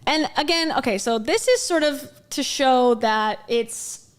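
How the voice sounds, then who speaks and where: Woman rambling through a casual commentary stream, kinda high voice, lots of likes and ums. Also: animated, measured pace, clear, resonant tone. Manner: chatty, rambling, with frequent fillers and laughs. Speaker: commentary host.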